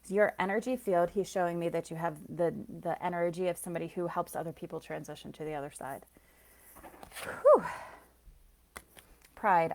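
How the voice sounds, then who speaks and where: A lowish-voiced woman leading a live card reading, talking straight to her viewers. She is chatty and effusive, gushing over small things and breaking into laughter, and she greets people by name as she goes. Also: moderate pace, long pauses, darkish tone. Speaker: spiritual reader and soul coach.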